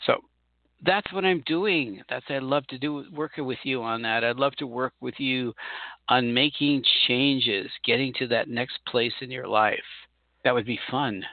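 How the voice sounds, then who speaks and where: A middle-aged man who hosts a podcast and channels spirits delivers a casual solo monologue, rambling and chatty, often correcting himself. His medium-pitched voice is unhurried and creaky. The recording is dry but has a tinny, phone-like sound.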